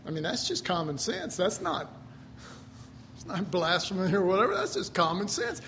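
A man with a fairly high voice preaches in a relaxed, chatty way, as though talking things through with his congregation. He leans on homey stories and slips into little acted-out voices for the people in them. A faint hiss sits under the recording. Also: moderate pace. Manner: conversational, folksy preaching with stories and chuckles; acts out quoted voices. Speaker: pastor. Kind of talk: sermon.

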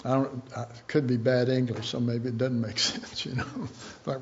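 A man's voice: mid-range voice, fairly even intonation, unhurried, highs cut off. A man preaching an informal sermon in a rambling, folksy way, chuckling now and then.

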